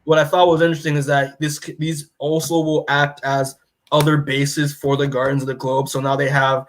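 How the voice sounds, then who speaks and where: A young man co-hosting a podcast, casually retelling a comic story in a rambling way, full of fillers and quick acted-out character lines. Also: a little high, flat delivery, a little hiss or hum. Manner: rambling, lots of "like" and restarts, acts out characters' lines. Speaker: podcast co-host recapping comics. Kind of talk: casual chat.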